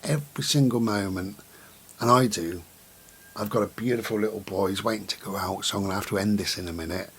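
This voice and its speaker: A middle-aged man, talking slowly and gently to the camera in a reflective vlog, with many pauses and repetitions. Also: fairly low pitch, slightly rough. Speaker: vlogger.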